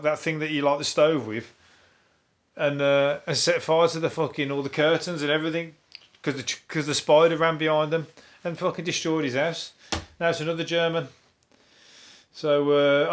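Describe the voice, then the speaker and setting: A man hosting a solo comedy news podcast, rambling through stories with dry deadpan humour, frequent swearing and chuckles. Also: fairly high pitch. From England. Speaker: podcast host.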